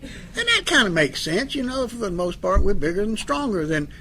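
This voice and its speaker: A middle-aged man with a fairly high voice tells stories to a live audience in a folksy, joking way. He acts out both sides of a couple's arguments. A faint hiss of background noise sits under his voice. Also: sing-song, moderate pace, bright, forceful tone. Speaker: speaker on addiction recovery. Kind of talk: storytelling talk to an audience.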